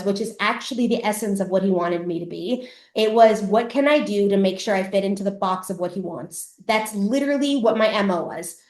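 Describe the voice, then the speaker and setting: A Canadian woman who coaches and hosts a podcast leads a live motivational masterclass, emphatic, casual and loaded with swearing. Her medium-pitched voice is a little mellow, and the event room gives a roomy echo.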